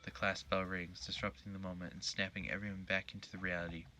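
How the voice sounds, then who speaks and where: A man's voice: low voice, flat delivery, fast talker, sharp tone, slight background noise. A man streaming a game live, reading its text aloud in a joking, playful way.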